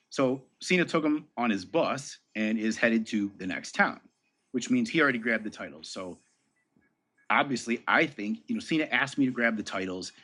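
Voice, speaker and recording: A man's voice: medium pitch, lively intonation, moderate pace, pushed and bright. A man casually telling a personal anecdote in an easygoing way, slipping into the voices of the people he quotes. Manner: easygoing storyteller who acts out dialogue. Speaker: interview guest recounting a story.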